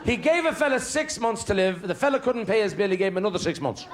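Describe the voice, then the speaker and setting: An Irish male comedian spinning rambling family yarns on stage. His voice sits a touch high, and he stumbles and restarts for timing. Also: animated, quick pace, heavy background noise. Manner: chatty, digressive, stumbling restarts for comic timing. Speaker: stand-up comedian. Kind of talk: stand-up storytelling.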